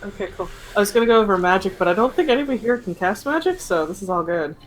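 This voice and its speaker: A woman's voice: mid-range voice, expressive, very fast, poor audio. A young woman running a tabletop game as game master, chatting casually with many fillers.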